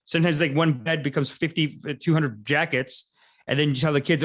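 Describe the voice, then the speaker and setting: Male comic host, slightly high voice, casual rambling riffs full of asides. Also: steady tone, a bit bright. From Canada. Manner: rambling, tangent-prone, quick asides. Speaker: podcast host, comedian. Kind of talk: casual comedic monologue.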